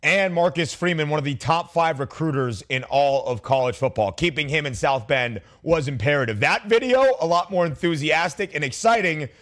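A man hosting college football talk with energy and strong opinions. His voice sits a touch high, and he jokes easily with his co-host. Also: normal speed, hardly any pauses, fairly bright tone. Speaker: sports show host. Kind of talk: sports talk commentary.

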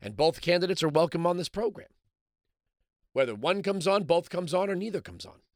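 A man's voice: sits high, animated, fairly quick, no echo, clean studio sound. A man hosting a call-in radio talk show, chatting loosely with frequent restarts and fillers.

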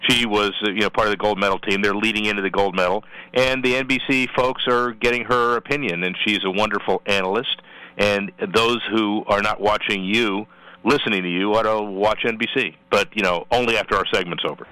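Low, bright-toned teasing radio co-host. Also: male voice, steady tone, fairly quick, clean tone, dry recording, rough recording. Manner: teasing, laughing along. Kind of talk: casual sports radio banter.

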